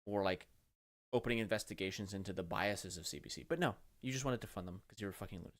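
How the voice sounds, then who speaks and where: A man's voice: lowish voice, fast, fairly bright tone. A young man from Canada giving casual, profane, exasperated commentary as a streamer reacting to political clips, with frequent restarts.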